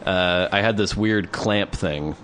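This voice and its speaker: Here a young man co-hosts a comedy podcast, his voice sitting low and his pace slow, with a bit of background noise. His casual storytelling is animated, and he imitates grunts and yelps, women's grunts among them.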